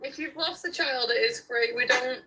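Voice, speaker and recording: A woman guest crafter chatting casually over a video call, candid and quick to laugh. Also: high voice, bright, forceful tone, rough recording. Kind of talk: casual chat.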